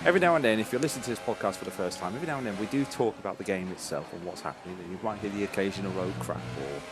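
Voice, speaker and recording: A man with a low voice hosts a casual podcast, loose and easygoing, and breaks off to call out in-game action. Clear music plays behind him the whole time. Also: very fast. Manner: relaxed, laughing, calls out in-game action between points. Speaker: podcast host. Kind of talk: casual chat with live game commentary.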